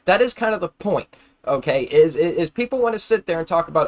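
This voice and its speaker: A man's voice: sits high, lively intonation, fast. A man ranting angrily on a live stream, swearing constantly and repeating himself as he gets heated. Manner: heated, profane, repetitive, grows louder when angry. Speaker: livestreamer. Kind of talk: angry live-stream rant.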